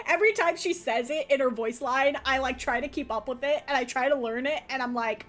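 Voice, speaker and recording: A woman streaming a video game, chatting casually with her viewers, laughing often and breaking into loud playful outbursts. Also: high-pitched, normal speed, faint music behind. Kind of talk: casual livestream gameplay commentary.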